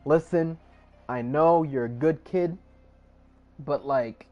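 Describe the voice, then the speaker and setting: A man's voice: fairly high pitch, takes it slowly, muffled recording, faint music behind. A man voicing a young mentor figure who talks in street slang and pleads as he argues. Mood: apologetic. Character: young man, earnest mentor turned would-be killer.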